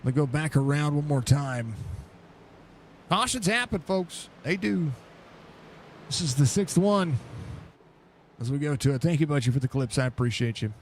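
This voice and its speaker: Man, young adult, laid-back live race caller and chat host, middle pitch, slight hiss behind. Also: normal speed, pauses often. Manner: chatty, greets viewers by name between race calls; excited outbursts at crashes. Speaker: sim racing league commentator and streamer. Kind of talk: casual live-stream race commentary.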